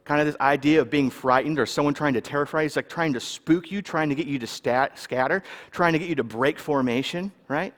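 A man from California, preaching a sermon in a casual, animated way and telling personal stories while checking in with his listeners. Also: a little high, brisk, few pauses, in a large hall. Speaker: pastor.

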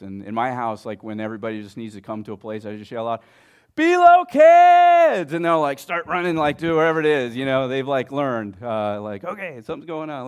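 A man in his thirties preaching a sermon as a pastor, telling stories conversationally and swinging from booming lines to hushed, near-whispered ones. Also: smooth. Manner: conversational, many fillers like "like" and "right".

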